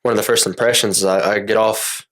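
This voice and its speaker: A man's voice: lowish voice, fast. A young man from Cherokee, North Carolina, co-hosting a podcast and telling stories in casual chat, acting out other people's lines with swearing. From Cherokee, North Carolina, USA. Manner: animated retelling, acting out voices, swearing. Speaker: podcast co-host.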